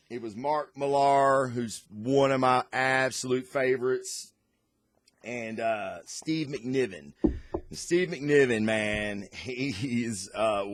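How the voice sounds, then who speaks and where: A man hosting a casual comic and movie review, rambling and excitable, with lots of fillers and restarts. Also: mid-range voice, dry recording. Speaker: host.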